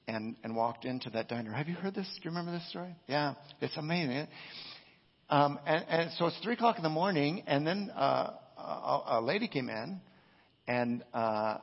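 A male pastor preaches with a gravelly, husky voice, telling a story in a rambling, conversational way. He keeps checking in with his listeners. The sound is muffled and lo-fi, with a long echo from a large church hall. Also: mid-range voice. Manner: conversational storytelling, frequent "right?" asides. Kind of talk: sermon. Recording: echoey hall, dull lo-fi sound.

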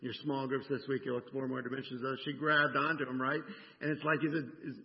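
A man's voice: mid-range voice, flat delivery, fast. A male pastor preaching a sermon in a conversational way, often asking "right?" and acting out the lines he quotes. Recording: dull sound with long hall reverb.

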